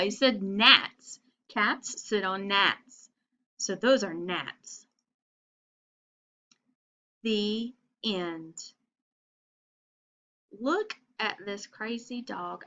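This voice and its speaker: A woman teaching preschoolers, reading a picture book aloud and slowly coaxing them to find rhyming words. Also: mid-range voice, sharp tone, lo-fi sound. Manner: slow, encouraging, coaxing children to find rhymes. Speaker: pre-K teacher. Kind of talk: children's read-aloud lesson.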